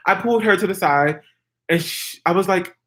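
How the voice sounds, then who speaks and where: At a moderate pace and a fairly low pitch, this woman in her twenties vlogs a casual story for viewers, lively and talkative, with "like" and "girl" popping up constantly.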